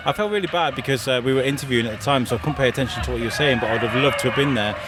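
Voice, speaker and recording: A man's voice: medium pitch, very fast. A man hosting a podcast, chatty and friendly with plenty of ums, interviewing guests at an outdoor event. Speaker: podcast host. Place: outdoor event with music behind. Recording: outdoor event with loud music behind. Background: live music.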